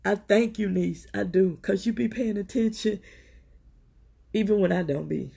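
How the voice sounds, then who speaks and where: With a mid-range voice that's gravelly, husky, and warm, a middle-aged podcast host opens up emotionally about her own struggles. She swears freely and keeps turning to her audience in this confessional talk.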